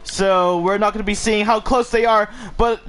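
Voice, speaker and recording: A man calling a sim race in a high, bright voice that sits well above the usual male range. He is excitable and gets swept up when the battles heat up. He commentates live on a headset mic. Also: normal speed, a little hiss or hum. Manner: excitable, gets swept up and laughs at busy moments.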